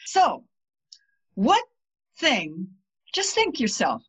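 Speaking extremely slowly in a high, slightly rough voice, a woman appears as a podcast guest discussing spirituality in a relaxed way. She's an animated storyteller who performs the voices of the people she quotes, captured on dull, lo-fi audio.

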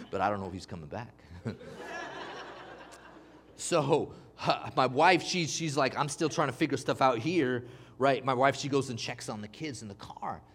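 A man's voice: medium pitch, lively intonation, measured pace, long pauses, a bit bright, slight background noise. A man preaching a sermon, emphatic, calling on the congregation to respond. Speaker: pastor.

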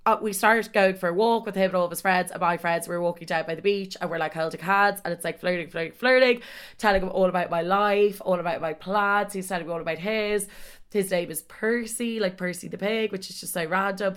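A woman's voice: mid-range voice, a little fast, clear, resonant tone. A young woman telling a gossipy story for a vlog, swearing and saying like constantly. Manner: gossipy, breathless, swears a lot, says like constantly. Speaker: vlogger.

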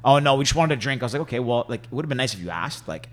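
A man's voice: mid-range voice, animated, racing. A man co-hosting a podcast, chatting casually and quoting himself and others as he tells a story. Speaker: podcast co-host.

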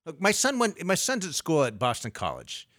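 A middle-aged man, a financial advisor, explaining investing on a radio talk show in a lively way with everyday analogies. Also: a little high, normal speed, no echo, studio quality.

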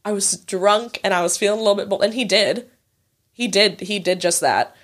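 A young woman in her twenties tells a story in loose, chatty conversation. She swears freely and slips into quick impressions of the people she quotes, in a voice of ordinary pitch. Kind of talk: casual storytelling chat.

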